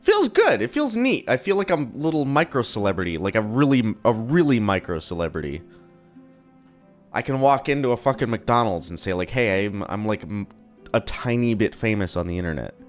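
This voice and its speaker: A young man streams from his desk at home, rambling and swearing casually with a self-deprecating streak. His voice sits a bit low and sounds slightly sick, and faint music plays under him. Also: lively intonation, fairly quick. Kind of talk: casual live-stream chat.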